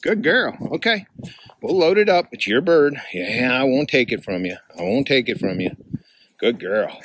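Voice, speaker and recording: A man vlogging outdoors on a hunting trip, chatting casually and coaxing his dog along in a fond, high, sing-song voice. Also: lively intonation, normal speed, background noise. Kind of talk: casual outdoor vlog narration. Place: outdoors by a river in the wind.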